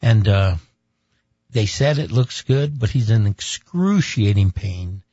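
A man's voice: on the low side, expressive, slow, dark tone, slightly rough, dry recording, highs cut off. A man who is a pastor gives an emphatic, preacher-like testimony in an interview, repeating words for weight.

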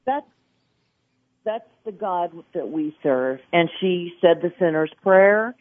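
A woman's voice: on the low side, expressive, takes it slowly. Woman, radio guest, emotional storytelling, acts out voices, tinny phone-line sound. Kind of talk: personal testimony in a radio interview.

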